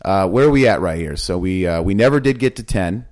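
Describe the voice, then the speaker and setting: A man's voice: low voice, animated, brisk, a little mellow. A man co-hosting a podcast in casual talk, pressing his questions over and over. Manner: insistent, pressing questions repeatedly. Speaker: podcast co-host.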